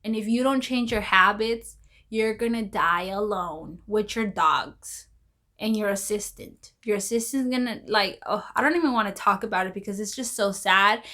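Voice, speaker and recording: A woman's voice: medium pitch, normal speed, pushed and bright. A woman vlogging casual commentary, rambling, repeating herself and exclaiming as she goes.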